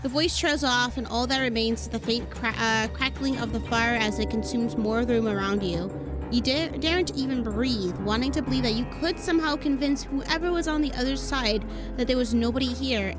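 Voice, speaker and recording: A woman streaming a horror game, reading its text aloud and reacting dramatically with frequent swearing, with game music playing behind. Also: normal speed. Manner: dramatic, swearing, jumps high when flustered.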